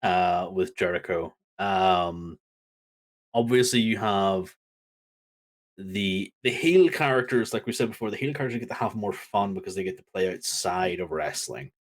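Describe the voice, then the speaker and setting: A man co-hosting a casual wrestling chat, telling stories with lively acted-out reactions. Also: sits low, moderate pace. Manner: animated storytelling, acts out crowd reactions. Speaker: podcast co-host.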